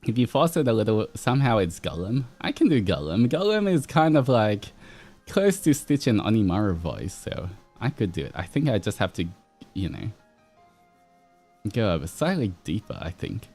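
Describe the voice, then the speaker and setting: A man's voice: fairly low pitch, sing-song, normal speed, a little mellow, soft background music. A man with an Australian accent chatting casually with viewers on a stream, playful and laughing often.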